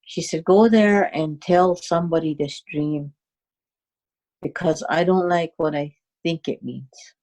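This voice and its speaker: A woman telling a personal story in a halting, unhurried way, with many fillers and restarts. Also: sits low, warm tone. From Cayuga Nation, Six Nations of the Grand River, Canada.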